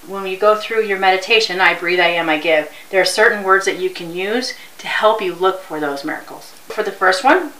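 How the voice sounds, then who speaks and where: A woman's voice: mid-range voice, brisk, hardly any pauses. A woman co-hosting a morning talk show, upbeat and encouraging. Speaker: co-host. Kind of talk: casual chat. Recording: bright voice in an echoey room, distant mic.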